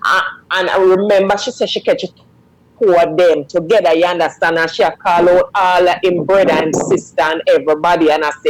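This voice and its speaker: A man with a Jamaican accent calling into a talk show, speaking excitedly in patois with laughter. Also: high voice, brisk, slight background noise, poor audio. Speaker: caller. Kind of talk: call-in comment.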